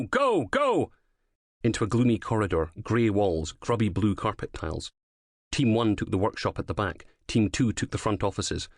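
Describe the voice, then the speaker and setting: Male thriller narrator, low voice, measured and dramatic, dry close studio sound. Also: no room sound. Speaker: audiobook narrator. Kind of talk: scripted narration of a crime thriller.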